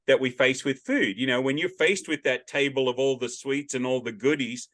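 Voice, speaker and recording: A man's voice: medium pitch, normal speed, fairly bright tone, no room sound. Joking, rambling Australian man host. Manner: rambling, joking, goes off on tangents. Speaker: podcast host. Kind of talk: casual interview chat. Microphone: video call headset.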